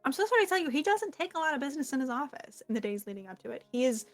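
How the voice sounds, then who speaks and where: A woman running a tabletop game as game master, enthusiastic and quick to laugh. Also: high-pitched, very animated.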